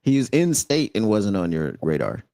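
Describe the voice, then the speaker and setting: A man from Michigan hosting a casual sports chat, talking in a relaxed, halting way full of restarts. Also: on the low side, no room sound. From Michigan, USA. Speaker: podcast host. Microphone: remote stream setup.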